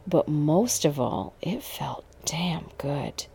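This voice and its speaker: Low, slow-reading woman narrator. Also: expressive, vocal fry, mellow, husky. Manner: intimate, slipping into whispers. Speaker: storyteller. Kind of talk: erotic audio story narration.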